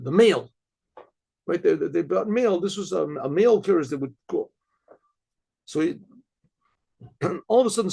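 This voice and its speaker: A man's voice: fairly high pitch, gravelly. A man, a rabbi, telling a story in a loose spoken way, often stumbling and repeating words as he searches for them. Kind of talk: casual oral storytelling.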